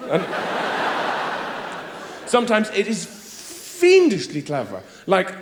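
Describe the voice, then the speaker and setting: A man's voice: high voice, big pitch swings, moderate pace, a bit bright, a little hiss or hum. A middle-aged man performing a rambling, theatrical stand-up routine on a theatre stage, acting out voices. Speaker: stand-up comedian. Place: theatre stage before a laughing audience. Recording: roomy live theatre sound.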